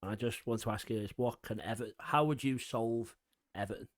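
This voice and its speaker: A man's voice: mid-range voice, a little fast, dry recording, studio quality. A man hosting a podcast, asking jokey, friendly questions in casual chat. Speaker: podcast host.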